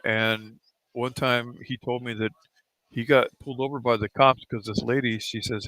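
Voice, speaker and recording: A man's voice: medium pitch, fairly even intonation, moderate pace, bright, forceful tone. A man giving casual live commentary on a pool match in a pool hall, laid-back and chatty, drifting into rambling anecdotes with chuckles.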